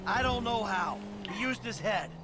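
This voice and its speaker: A man's voice: high voice, normal speed, very noisy, natural voice. An actor playing a weary middle-aged ex-criminal family man in a game cutscene, tense and pleading.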